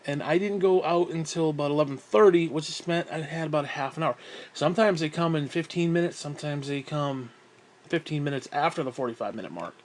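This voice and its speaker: A young man rambling through a casual, profane vlog monologue, often breaking into laughs and sighs. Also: fairly high pitch. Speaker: vlogger.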